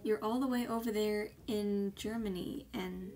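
A woman's voice: mid-range voice, fairly even intonation, a little slow, mellow, soft background music. A woman chatting casually as a vlogger, gushing and effusive, with hesitant fillers. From United States. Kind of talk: casual unboxing chat.

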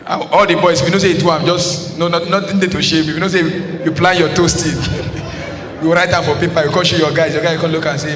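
A man's voice: a little high, moderate pace. A male stand-up comedian with a Nigerian accent, telling a story in a chatty way and acting out the dialogue, recorded live in a noisy, echoey hall. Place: large concert hall.

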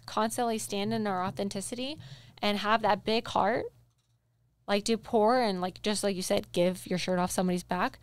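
A woman hosting a casual interview, emphatic and encouraging, telling stories in an animated way. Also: mid-range voice, smooth, dry recording. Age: adult, with a daughter. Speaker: podcast host.

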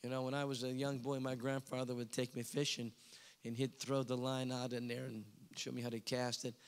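A middle-aged evangelist preaching a revival sermon, telling animated stories and bursting into squeaky voices for the people in them. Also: male voice, a little fast, clean tone. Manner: animated storytelling, jumping to squeaky quoted voices. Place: large church hall. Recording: long hall reverb.

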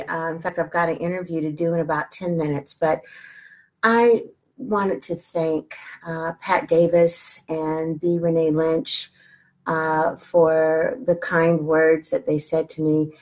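A woman over forty hosting a casual live video chat, heartfelt and chatty, laughing often and pausing to find her words. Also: low voice, steady tone, low-quality recording. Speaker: wellness group host.

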